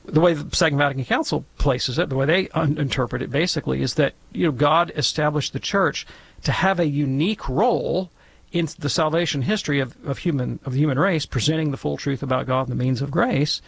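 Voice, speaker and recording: A man's voice: a little high, fairly quick, vocal fry, a bit bright, slightly rough, no room sound. A man speaking as a guest theologian on a call-in radio show, lecturing in an academic, wry way.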